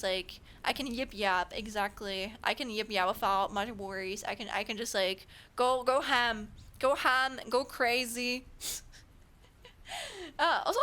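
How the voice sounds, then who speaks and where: A woman's voice: a little high, pushed and bright. A young woman from Germany with a German accent, chatting casually with her stream viewers, giggling and rambling with lots of fillers. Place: home streaming setup.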